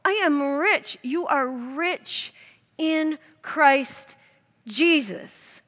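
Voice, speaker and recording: A woman's voice: high-pitched, drawn-out words, a bit bright, big-room sound. A woman giving an earnest devotional Bible teaching, reading scripture aloud to her listeners.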